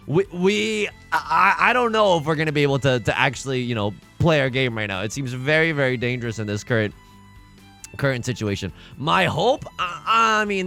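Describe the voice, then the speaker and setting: A young man chats through his gaming session in an animated, rambling way, jumping from topic to topic and joking at his own expense. His voice swings widely in pitch and sounds bright and forceful. Quiet game music plays underneath. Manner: animated, rambling, self-mocking asides. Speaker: let's play host. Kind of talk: casual gaming commentary.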